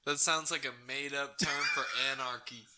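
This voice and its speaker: A man's voice: medium pitch, fairly even intonation, normal speed, bright, forceful tone, soft background music. A young man co-hosting a casual podcast, tossing out dry, offhand quips. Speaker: podcast co-host. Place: hot small room.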